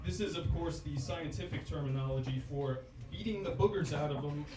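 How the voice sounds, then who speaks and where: A man doing a deadpan stand-up set, with dry, formal setups that turn crude. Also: on the high side, brisk, over a noisy crowd. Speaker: stand-up comedian. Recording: echoey club room, distant mic, background noise.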